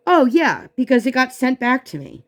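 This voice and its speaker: A woman's voice: sits high, big pitch swings, moderate pace, pitched above the performer's own voice. A woman imitating her own fussy, insistent mother inside a chatty story.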